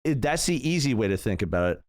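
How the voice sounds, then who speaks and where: A man's voice: mid-range voice, fast, no echo, studio quality. A young adult man co-hosting a business podcast, talking casually and acting out example dialogue with lots of fillers. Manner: animated, acts out quoted dialogue, many "like" fillers. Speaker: podcast co-host.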